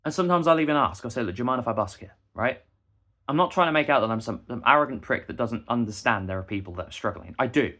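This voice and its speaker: A man's voice: medium pitch, lively intonation, fast talker, pushed and bright. A young man, delivering a heated, indignant rant straight to the camera. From England. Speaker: busker and vlogger. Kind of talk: ranting monologue to camera.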